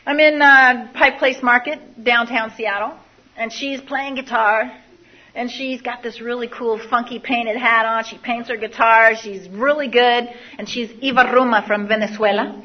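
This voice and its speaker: A woman's voice: fairly high pitch, steady tone, a little slow, dull audio. A woman telling her own life story to an audience, candid and confessional, often repeating phrases. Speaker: speaker sharing a recovery story. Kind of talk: personal testimony to an audience.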